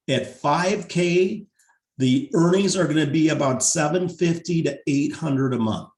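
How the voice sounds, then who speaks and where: A man's voice: fairly high pitch, darkish tone, echoey room. Upbeat salesy man on a video call. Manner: upbeat, salesy, repeats numbers for emphasis. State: losing his voice. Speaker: team leader presenting a pay plan.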